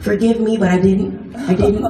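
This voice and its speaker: A woman bass player telling a story to a concert audience from the stage, laughing often as she talks, recorded from far off in an echoey venue with the crowd behind her. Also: level tone, moderate pace. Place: live music venue on stage.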